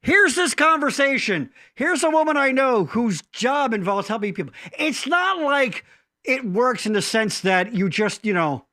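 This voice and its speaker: A man's voice: extremely high pitch, big pitch swings, unhurried, sharp tone, no echo, studio quality. A man hosting a podcast in casual chat who rambles, restarts sentences and jokes with profanity. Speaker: podcast host.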